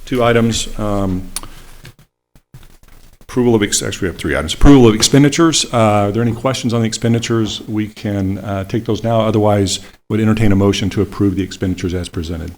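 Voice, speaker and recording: Brisk man chairing a council meeting. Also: on the low side, darkish tone. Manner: brisk, procedural, with frequent fillers. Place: city council chamber.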